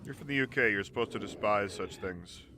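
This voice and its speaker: A man's voice: fairly low pitch, fairly quick, pushed and bright, slight background noise. A man streaming a video game, chatting casually and rambling, often repeating words. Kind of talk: casual chat while gaming. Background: game music.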